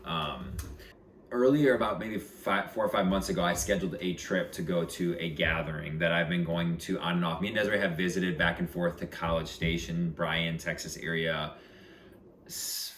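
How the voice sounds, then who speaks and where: A man co-hosts a family vlog with a very deep voice, rambling in a relaxed way with casual slang and frequent restarts. The room is echoey, with a faint hiss of noise behind him. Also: normal speed. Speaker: co-host, husband.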